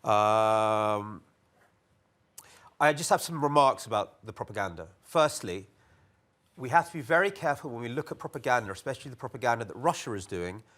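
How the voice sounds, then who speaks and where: A man speaking as a panelist at a conference, lively and wry, often quoting others in mock voices. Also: mid-range voice. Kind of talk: panel discussion remarks. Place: conference hall.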